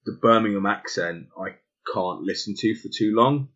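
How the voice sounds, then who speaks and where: A man's voice: fairly low pitch, moderate pace, a bit bright. A man with a London accent in casual chat, hesitant and full of restarts. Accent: London English. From England. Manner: chatty, hesitant, many restarts. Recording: dull lo-fi audio.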